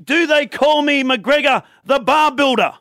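A man voicing a boastful old Irishman who built a bar, in a put-on Irish accent, slow and emphatic. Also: very high-pitched, dry recording, studio quality, voice pushed up. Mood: boastful, aggrieved. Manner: slow, emphatic, rising to shouts.

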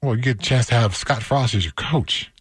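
A man's voice: medium pitch, brisk, breathy edge, no echo, clean studio sound. A man who played pro football, a guest on a sports radio show, telling stories in an easygoing way. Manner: easygoing storytelling. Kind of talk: casual radio sports talk.

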